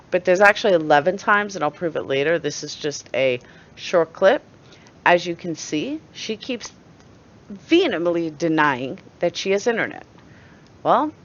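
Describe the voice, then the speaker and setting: A low-voiced woman with a New York accent delivers opinionated commentary, blunt and sarcastic and quick to swear. Her pitch swings widely, and the recording sounds dull and lo-fi. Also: fairly bright tone. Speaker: channel host.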